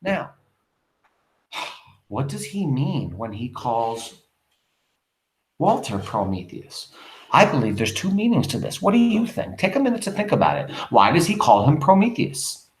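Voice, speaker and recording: A man's voice: mid-range voice, echoey room. A man teaching a class, reading a play aloud and stopping to explain it with questions for his students. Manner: animated, questioning, pauses to explain.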